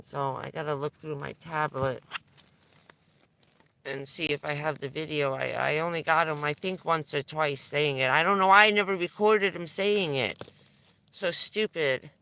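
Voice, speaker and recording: A woman's voice: low-pitched, fairly even intonation, measured pace, creaky, pushed and bright. A middle-aged woman telling a candid, profane story on a livestream, laughing now and then through hard news. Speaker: vlogger.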